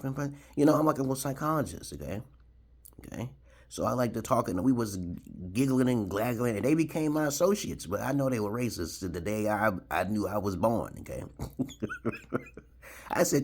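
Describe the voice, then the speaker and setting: The voice is mid-range, expressive and slightly rough, at a moderate pace. It belongs to a Brooklyn video blogger in his forties who rambles through a story to camera, chuckling and adding "okay?" to his points.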